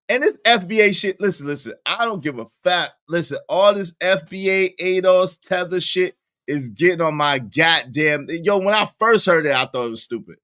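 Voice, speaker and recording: A man hosting a live stream, giving loud, animated commentary full of slang and frequent laughter. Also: high voice, moderate pace. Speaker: livestream host.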